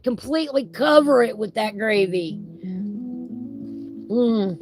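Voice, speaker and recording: A woman chatting in a folksy, rambling way during a live coloring stream at home. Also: on the high side. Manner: folksy, rambling, talks while working.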